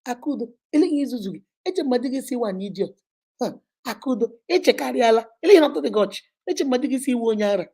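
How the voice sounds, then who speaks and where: Woman doing a sneering male devil, Nigerian accent, warm higher voice. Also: lively intonation, very fast, husky. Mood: taunting. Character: taunting male devil, mocking and scornful.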